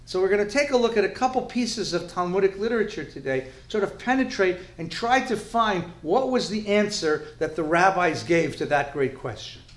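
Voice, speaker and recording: Animated, joking male rabbi lecturing. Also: high-pitched, moderate pace, few pauses, roomy sound. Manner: animated, joking, drops Yiddish words. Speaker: rabbi teaching a class. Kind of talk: lively lecture to a live class.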